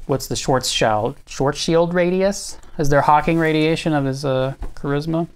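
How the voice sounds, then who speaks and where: A man's voice: a little high, normal speed, clean tone. A man hosting a comedy show, ranting sarcastically and rambling while he gets his makeup done. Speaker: host.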